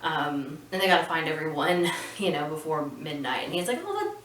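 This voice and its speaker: A woman hosts a casual podcast recap of a film, chatty and rambling with opinionated asides. Her low-pitched voice is steady and fairly bright, at a moderate pace. The recording sounds roomy and distant, with faint noise.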